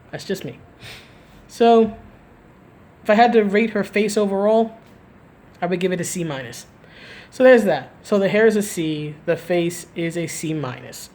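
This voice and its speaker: A woman's voice: on the low side, darkish tone. A woman giving casual opinion commentary for a gaming video, rambling, restarting her sentences and tagging them with "right?". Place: at home, recorded live.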